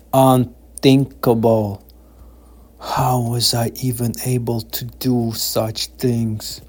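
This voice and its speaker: Guy doing a broken ex-soldier, quiet and shaky, slow, rough gravelly voice. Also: medium pitch. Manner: hushed, slow, trembling confessions. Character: guilt-ridden former officer man, despairing.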